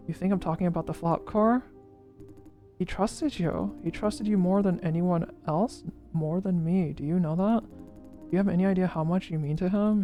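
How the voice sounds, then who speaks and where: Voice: medium pitch, dull audio. A game streamer reading a story game's dialogue aloud during a playthrough, giving each character's lines their own emphasis. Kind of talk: voicing visual novel dialogue in a playthrough.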